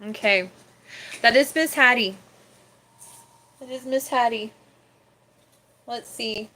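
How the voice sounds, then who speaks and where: A young woman hosting a casual livestream, her voice sitting a little high for a woman. She talks slowly and chattily, drifting now and then into soft cooing baby talk. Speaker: livestream host.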